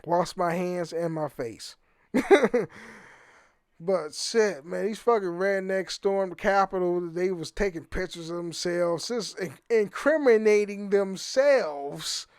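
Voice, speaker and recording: A young man with a fairly high voice rambles through his own podcast, swearing freely and tripping over repeated words. The sound is close and dry, with no room around it. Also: takes it slowly, clean tone, no echo. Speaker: podcast host. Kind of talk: rambling casual monologue.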